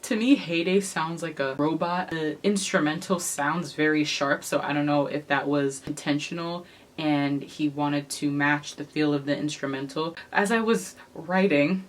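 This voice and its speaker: Low-pitched woman vlogger; casual, opinionated commentary delivered with chatty laughter. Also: a little slow. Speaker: K-pop commentary YouTuber.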